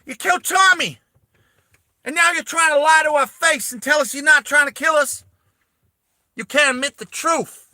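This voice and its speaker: A furious New York soldier yelling accusations at the top of his voice. The pitch jumps high and strained, and the sound is bright and dry, right up close to the mic. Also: moderate pace, long pauses, no echo, full character voice.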